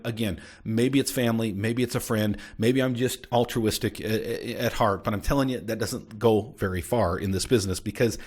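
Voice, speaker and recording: A man's voice: on the low side, husky. American guy, middle aged, hosting an advice podcast, punchy and emphatic, keeps saying okay. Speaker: podcast host and appraisal coach.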